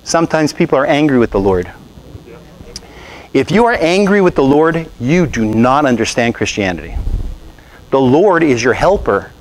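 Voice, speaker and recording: A man's voice: medium pitch, moderate pace, long pauses, a little hiss or hum, rough recording. A man pastor giving a conversational sermon at a Bible study, asking his listeners questions and acting out what people say to him. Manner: animated, conversational preaching with asides and rhetorical questions; quotes scripture and acts out other people's remarks.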